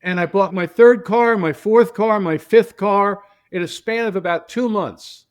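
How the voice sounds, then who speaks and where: An older man, a transportation company founder, telling a story on a podcast in a casual, animated way and acting out the voices of the people he quotes. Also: high-pitched, unhurried, clear, resonant tone.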